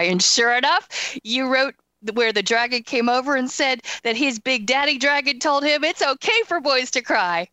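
A woman's voice: fairly high pitch, a little fast, sharp tone, no echo. A woman hosting an interview, chatting casually and enthusiastically with her guest. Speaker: podcast host.

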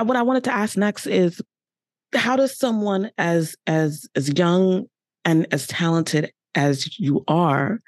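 A woman's voice: on the low side, no echo, clean studio sound. A woman hosting an interview podcast, chatting casually and praising her guest, with many fillers. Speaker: podcast host.

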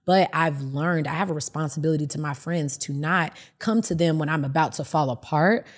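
A woman's voice: sits low, brisk, husky. A woman hosting a podcast, candidly telling a personal story and acting out quoted lines. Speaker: podcast host. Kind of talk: casual chat.

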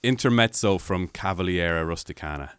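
A man's voice: sits low, fairly quick, fairly bright tone, clear, resonant tone. A man co-hosting a podcast, telling his stories in a casual, earnest, sentimental way. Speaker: podcast co-host. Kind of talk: casual chat.

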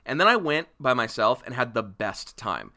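A man co-hosting a casual podcast, with a bright, forward voice. His pitch rises and falls a lot as he rambles, laughs and swears freely. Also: big pitch swings, normal speed. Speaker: podcast co-host. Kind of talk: casual chat.

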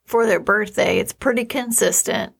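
A woman co-hosting a casual podcast, telling a family story in an amused, unhurried way. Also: mid-range voice, gravelly, slightly rough. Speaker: podcast co-host, parent. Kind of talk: casual chat.

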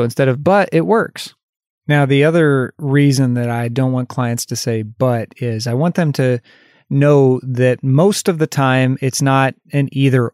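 A man's voice: mid-range voice, a little mellow, no room sound. Candid man coaching in a dry, close voice. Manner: conversational and candid, laughs at himself; lifts his voice when acting out example phrases. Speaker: life coach and podcast host. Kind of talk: solo podcast monologue.

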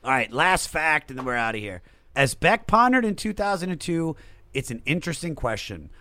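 A man's voice: a little high, very animated, fairly quick, sharp tone, no room sound. A man hosting a podcast, laid-back and agreeable, swearing casually as he chats with his guest. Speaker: podcast host. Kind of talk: casual interview chat.

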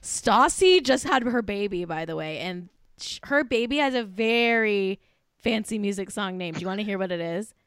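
A woman's voice: mid-range voice, lively intonation, normal speed, clean tone, dry recording, studio quality. A woman co-hosting a podcast, chatting casually about celebrity gossip, swearing often and saying "like" constantly. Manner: chatty, swears, heavy use of "like". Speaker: podcast co-host.

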